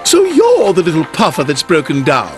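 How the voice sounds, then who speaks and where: A man's voice: extremely high pitch, huge pitch swings, unhurried, over music, pitched above the performer's own voice, heavily acted. A man voicing a rude, haughty old female vintage steam truck in a storybook retelling. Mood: snooty.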